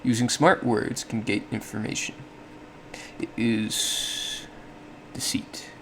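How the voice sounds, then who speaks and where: A man's voice: mid-range voice, fairly even intonation, takes it slowly, a bit bright, a little hiss or hum. A man giving a casual explanatory monologue, thinking aloud with frequent self-corrections and small laughs. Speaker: solo podcast host.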